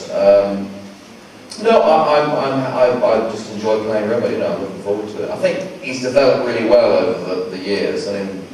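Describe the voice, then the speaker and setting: Low-voiced man in an echoey hall. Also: a little mellow. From England. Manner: rambling, full of restarts, wry and self-mocking. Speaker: guest actor at a fan convention Q&A. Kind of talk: casual convention Q&A answers. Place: large convention hall. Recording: very echoey hall, distant and noisy.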